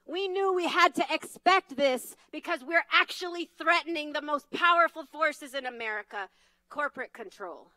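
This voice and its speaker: High, bright-voiced woman rallying a crowd. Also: moderate pace, no echo, poor audio. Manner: urgent, emphatic, emotional. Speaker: advocacy leader giving a speech. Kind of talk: impassioned rally speech. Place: conference stage.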